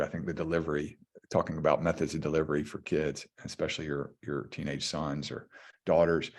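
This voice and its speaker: A man in his forties, a former pitcher and coach, talking earnestly and at length as a guest in a casual conversation, with many restarts. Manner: earnest, heartfelt, rambling with restarts.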